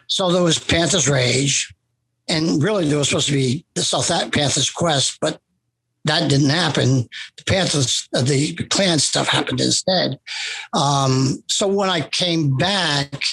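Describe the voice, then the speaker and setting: A man's voice: on the high side, unhurried, vocal fry, fairly bright tone, husky. An older man, a comic writer, telling a long story in an interview and acting out both sides of an old phone call.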